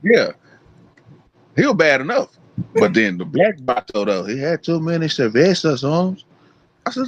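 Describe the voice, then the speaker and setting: Profane, animated man on a dull lo-fi mic. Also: on the high side, normal speed, pauses often. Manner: profane, animated storytelling with voiced quotes. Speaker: podcast co-host. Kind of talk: casual chat. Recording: dull lo-fi sound.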